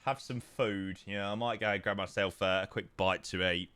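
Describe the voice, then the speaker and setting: A man's voice: low voice, steady tone, normal speed, sharp tone, smooth, no room sound. A young man streaming live, chatting casually in a rambling way with sighs and yawns, tired. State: tired, yawning. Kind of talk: casual chat.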